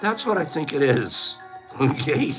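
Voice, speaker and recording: A man's voice: a little high, big pitch swings, unhurried, a bit bright, faint music behind. A middle-aged man hosting a casual chat, goofy, often laughing and breaking into silly bird calls. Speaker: host.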